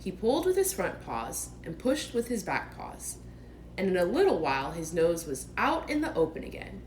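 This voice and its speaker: Expressive woman reading a storybook. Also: fairly low pitch, normal speed, a little hiss or hum, poor audio. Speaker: audiobook narrator. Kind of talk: storybook narration.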